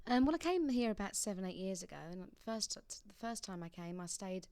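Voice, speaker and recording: Chatty young woman, smooth and dry. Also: mid-range voice, lively intonation, brisk, dark tone, dry recording. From England. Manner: chatty, laughs often, with restarts. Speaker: interview guest, singer. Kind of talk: casual radio interview. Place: radio studio.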